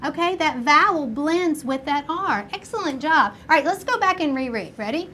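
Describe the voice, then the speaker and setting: A woman teaching a first grade class, slowly sounding out words and encouraging the children. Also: high voice, expressive, pushed and bright. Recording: noisy classroom recording.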